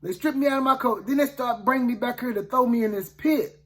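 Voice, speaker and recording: Speaking quickly in a very high-pitched, somewhat bright voice, a preacher relates a Bible story casually as if he were in it. He keeps things folksy and conversational, turning to the listener often with "you know what I'm saying".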